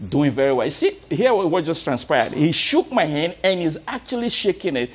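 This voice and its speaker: A fairly high, breathy-edged voice belongs to a coach giving a motivational talk before a live crowd at a moderate pace. Animated and quick to laugh, he repeats himself and urges listeners to participate.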